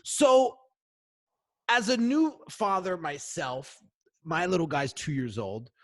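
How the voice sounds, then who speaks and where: A man's voice: a little high, big pitch swings, takes it slowly. A man hosting a casual podcast interview, eager and given to repeating himself. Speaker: host.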